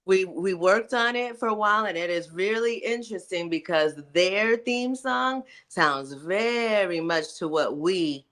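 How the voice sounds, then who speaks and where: Female guest with a bright, sharp voice, animated and quick, telling a story on a live chat. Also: mid-range voice. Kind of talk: casual livestream chat.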